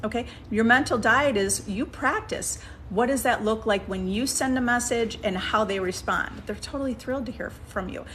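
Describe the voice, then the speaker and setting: A woman with a somewhat high voice talks listeners through a practice as their coach, in a relaxed, conversational way. She coaxes them along, restarts her sentences as she thinks, and keeps checking in with "okay?" and "right?". A faint hiss sits under her voice. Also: normal speed, few pauses. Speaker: manifestation coach. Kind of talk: casual coaching talk.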